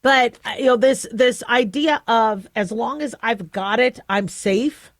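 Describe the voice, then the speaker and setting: A woman's voice: on the high side, a little slow, no echo. A middle-aged woman who is a physician and radio host, talking in a chatty, self-deprecating monologue with frequent restarts. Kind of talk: casual talk radio monologue.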